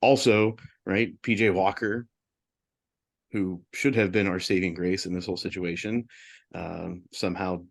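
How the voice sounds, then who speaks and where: This man, co-hosting a sports betting podcast, reads out betting results in a fairly low, gravelly voice. He goes through his picks in quick, upbeat bursts, chatty and casual, with fairly even intonation.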